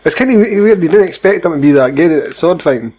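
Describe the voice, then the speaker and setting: Husky Scottish man, blunt chat. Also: a little high, expressive, fast, darkish tone. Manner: blunt, swears casually. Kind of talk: casual film chat.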